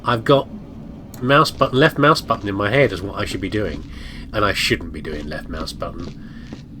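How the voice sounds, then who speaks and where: A man's voice: on the low side, noisy background. A man giving casual, self-mocking commentary while playing a video game, chatting to his viewers and to the objects on screen. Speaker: let's play gamer.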